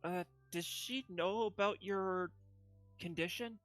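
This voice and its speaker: A man playing a tabletop game, speaking in character in a hesitant, halting way. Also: sits high, a bit bright, dry recording, faint music behind. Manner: hesitant, halting, restarts often. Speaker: player. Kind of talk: casual in-character play.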